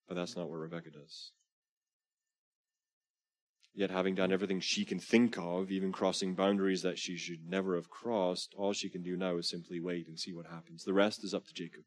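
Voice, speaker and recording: A man with a low voice preaches a sermon. He presses his listeners with earnest questions and reads scripture with rising, dramatic emphasis. The sound is dry and close, with no room echo. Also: flat delivery, brisk. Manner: earnest exhortation. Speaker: pastor.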